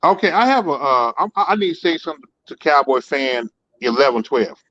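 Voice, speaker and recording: A man's voice: medium pitch, lively intonation, fairly quick, a bit bright, no room sound, dull audio. A man calling in to a casual sports talk show, making his points emphatically and repeating words as he builds them.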